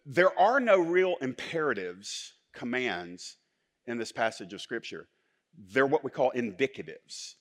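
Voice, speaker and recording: A male pastor, preaching a sermon that swings from soft, low asides to loud, forceful declarations.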